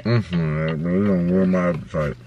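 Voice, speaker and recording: A young man hosting a casual eating video, asking questions in a relaxed, slangy way. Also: low voice, normal speed, lo-fi sound, noisy background. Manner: laid-back slangy questioning. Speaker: YouTube host. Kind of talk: casual mukbang chat.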